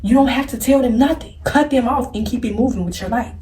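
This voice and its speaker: A woman's voice: a little high, brisk, mellow, slight background noise. A tearful woman giving blunt spiritual advice straight to her viewers, speaking in with a preachy, repetitive manner. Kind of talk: emotional direct-to-camera advice. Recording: roomy, distant from the mic.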